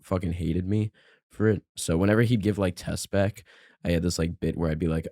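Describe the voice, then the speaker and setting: A man's voice: low voice, steady tone, brisk, vocal fry, dark tone, no echo, studio quality. A young man, a comedian guest, telling jokey school anecdotes in laid-back casual chat.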